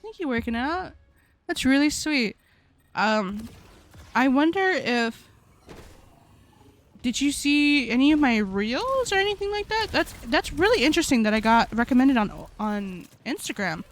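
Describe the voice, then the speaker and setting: A woman's voice: sits high, big pitch swings, a little slow. A woman streaming live, chatting casually with her viewers in a slangy, rambling way, often laughing.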